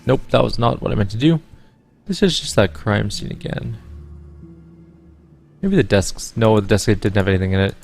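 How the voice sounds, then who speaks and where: Slow, musing man playing a game. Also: on the low side, animated, vocal fry, darkish tone, slight background noise. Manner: slow, musing, talks to himself. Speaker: let's play host. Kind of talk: casual gameplay commentary.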